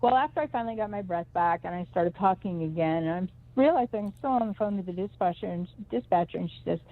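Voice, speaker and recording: A quick-talking woman with a lowish voice shares a personal anecdote on a call-in program, the phone line sounding tinny. She's a middle-aged psychic reader, and her telling is emphatic and meandering, full of false starts.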